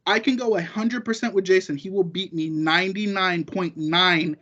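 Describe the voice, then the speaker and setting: Guest spot: man with a high voice, rambling and cursing freely, dull muffled recording. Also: fairly even intonation, normal speed, a bit bright. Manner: rambling and profane, acting out quoted remarks. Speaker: guest, jiu-jitsu competitor. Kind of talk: casual podcast chat.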